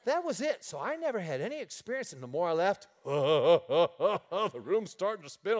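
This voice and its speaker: A middle-aged man preaching, telling lively stories and laughing his way through them. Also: on the high side, normal speed, hardly any pauses. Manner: animated storyteller, laughing through his anecdotes. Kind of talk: storytelling sermon.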